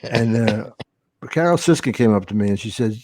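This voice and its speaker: A man's voice: fairly low pitch, expressive, normal speed, a little mellow, no echo. A man hosting a podcast, telling comedy stories in a casual, salty way with plenty of swearing. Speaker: podcast host.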